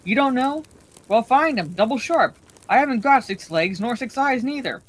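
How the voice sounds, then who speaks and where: A woman voicing a fat, bustling middle-aged male innkeeper who talks on and on, hurried and forgetful, in a storybook reading. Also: fairly high pitch, lively intonation, pitched above the performer's own voice. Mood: flustered.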